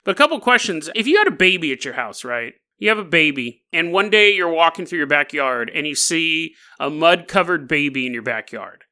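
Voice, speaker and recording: A man's voice: fairly high pitch, sing-song, fairly quick, few pauses, bright, forceful tone. A man hosting a podcast, retelling a news story as a comedy bit with jokes, tangents and laughs mid-sentence. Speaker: podcast host.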